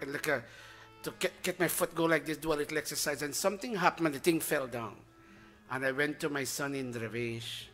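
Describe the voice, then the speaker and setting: An older man leading a satsang, coaxing his students and chanting Sanskrit slowly between lively explanations. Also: fairly high pitch. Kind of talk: sermon with recitation.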